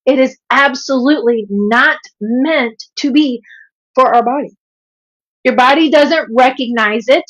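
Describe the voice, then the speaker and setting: A woman in her fifties from the Southern United States, a nutrition coach hosting a livestream, speaks earnestly in a Southern drawl, repeating points for emphasis and greeting viewers by name. Her voice is high and a bit bright, at a measured pace, and the sound is lo-fi.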